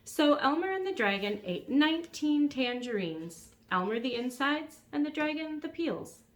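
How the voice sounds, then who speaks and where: A woman reading a children's storybook aloud in a calm, even narrating voice. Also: medium pitch, slight background noise. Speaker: reader.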